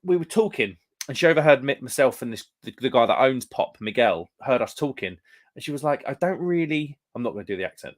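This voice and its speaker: A man's voice: mid-range voice, expressive, quick pace. A young man from the UK hosting a live stream, chatting casually with viewers in a rambling way full of fillers. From United Kingdom. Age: young adult.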